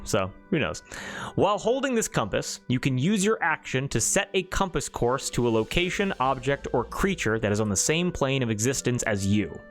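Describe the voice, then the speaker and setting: A man running a tabletop game as game master, narrating in a loose, rambling way with many fillers. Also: medium pitch.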